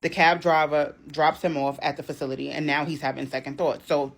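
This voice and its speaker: A young woman tells a dating story in a casual storytime style, with dramatic retellings and sudden high-pitched outbursts. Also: flat delivery, brisk, creaky.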